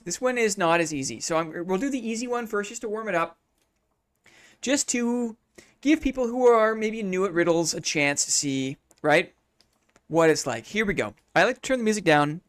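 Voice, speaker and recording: A man's voice: high voice, expressive, moderate pace, fairly bright tone, no echo. A man streaming a game live, chatting casually with viewers in a playful, mock-formal, upbeat way.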